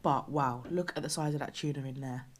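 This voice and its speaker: A woman's voice: very deep voice, a little fast. A British woman casually reviewing rations on her channel, chatty and exclaiming over the food, sometimes dropping to a near-whisper.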